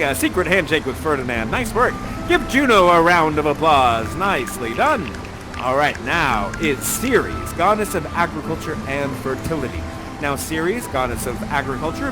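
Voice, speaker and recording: A man hosting an interactive theater show, effusive and theatrical, moving between recited verse and cheering on his audience. His voice sits a bit high and moves freely, with music playing underneath. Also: poor audio.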